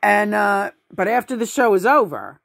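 A woman hosting a casual review show, telling the story in an excitable, profane way and laughing often. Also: mid-range voice, moderate pace, creaky. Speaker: host reviewing a documentary. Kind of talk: casual chat.

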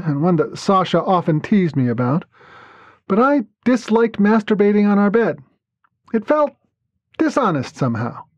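A man narrating a first-person story as a podcast reader, calm and even. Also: high voice, no echo. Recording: dull lo-fi dry recording.

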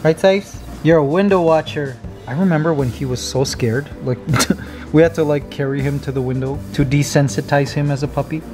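A man hosting a casual vlog at home, playful and animated, his voice jumping up high when he gets excited. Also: brisk, music in the background. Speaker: vlogger host. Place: apartment indoors.

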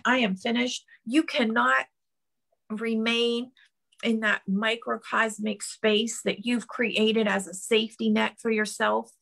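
A woman's voice: a little high, creaky, a bit bright. A middle-aged woman preaching a sermon in fervent, repeated declarations, often restarting her phrases. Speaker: prophetess preaching.

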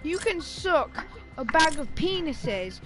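Loud high woman swearing while gaming. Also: very animated, over loud music. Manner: loud, swearing, quick to shout. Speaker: gamer co-playing. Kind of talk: casual gaming chat. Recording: loud background noise.

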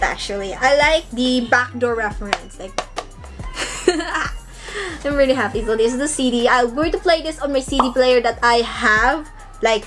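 A young woman with a high, bright voice gushes and squeals through a casual unboxing chat. She talks as a thrilled fan, with faint music playing behind her at home. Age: young adult. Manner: gushing, squealing fangirl excitement. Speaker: vlogger.

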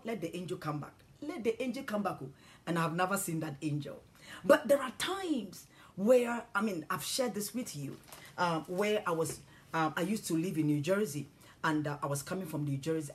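A woman preacher telling a personal testimony in a sermon, swinging from hushed whispers to loud cries. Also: low voice.

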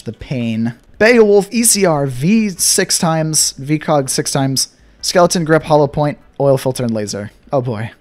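Young guy yapping over his gameplay, sarcastic and jumpy, voice sits a bit high and bounces all over. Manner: excitable, sarcastic, swings from mock despair to glee. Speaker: gaming YouTuber. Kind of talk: casual gameplay commentary.

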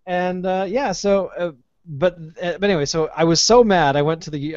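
A man, hosting a casual podcast chat and telling an animated, ranting story with plenty of swearing. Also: high-pitched, moderate pace, no room sound. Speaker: podcast host. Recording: dull lo-fi podcast audio.

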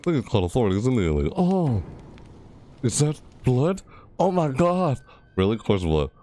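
A man casually commenting on his horror game playthrough, jumpy and excitable, talking to viewers and reading game prompts aloud. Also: mid-range voice, normal speed, slight background noise. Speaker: gameplay streamer.

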